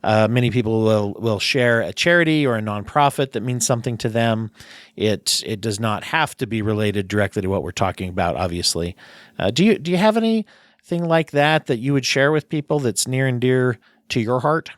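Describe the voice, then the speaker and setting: A man hosting a podcast interview, talking in a chatty, halting way with many restarts and laughs. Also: medium pitch, animated, no room sound, studio quality. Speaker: podcast host. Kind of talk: casual interview chat.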